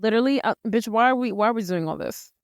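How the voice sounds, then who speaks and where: A woman's voice: fairly high pitch, animated, quick pace, clear, resonant tone, no echo, studio quality. A woman co-hosting a podcast, recapping a movie in casual chat, blunt and wry, with some swearing. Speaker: podcast co-host.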